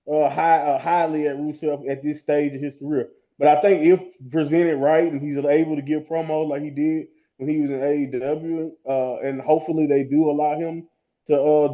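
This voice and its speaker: A man with a fairly high voice co-hosts a casual podcast, rambling through his thoughts with plenty of "uh"s and restarts. The sound is dull and lo-fi, with its highs muffled. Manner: rambling, many fillers and restarts. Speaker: podcast co-host. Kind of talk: casual wrestling chat.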